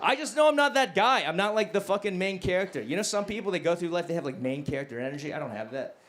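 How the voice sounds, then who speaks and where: A male stand-up comedian doing a crude, self-mocking set, dropping to low mumbles and then bursting out loud. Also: expressive, fast, some chatter behind. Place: comedy club stage. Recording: live club recording with noticeable background noise. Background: audience laughter.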